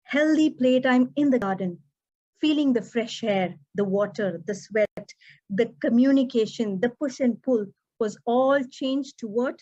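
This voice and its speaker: Woman educator in her thirties, highish voice, expressive speech, dull lo-fi recording. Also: measured pace. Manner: expressive, acts out quoted dialogue. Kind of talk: prepared contest speech.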